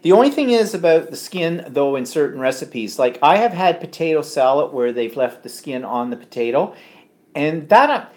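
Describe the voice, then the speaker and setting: A man's voice: on the high side, expressive, normal speed. Chatty man hosting a live stream. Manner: chatty, reads comments aloud, frequent ums. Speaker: live stream co-host reading viewer comments. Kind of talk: casual live-stream chat.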